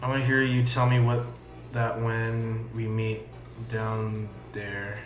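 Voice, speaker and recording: A man's voice: medium pitch, slow pace. A man casually reading a chat log aloud and giving sarcastic, profane comments on it. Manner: sarcastic, swears, reads lines flatly. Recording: echoey room with faint music.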